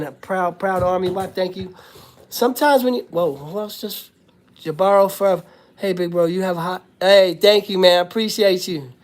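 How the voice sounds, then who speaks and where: A man hosting a casual livestream while sick and coughing, loose and profane, greeting viewers by name and talking to his little son. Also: sits high. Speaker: livestream host, former prisoner. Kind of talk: casual live-stream chat with viewers.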